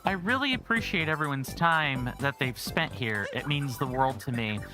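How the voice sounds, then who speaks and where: A woman's voice: very deep voice, expressive, moderate pace. Chatty woman streamer over game music. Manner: self-deprecating, chatty, stumbles over words. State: throat phlegm. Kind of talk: casual live game commentary.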